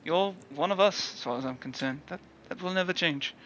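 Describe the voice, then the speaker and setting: A player speaking in character in a tabletop game, calm and measured. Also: medium pitch, slight background noise.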